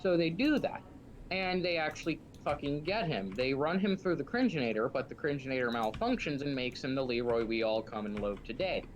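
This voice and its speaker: A man's voice: medium pitch, fairly quick, hardly any pauses, slight background noise, low-quality recording. A young man streaming, chatting casually with friends and telling stories theatrically. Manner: animated, theatrical storytelling. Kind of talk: casual chat among friends.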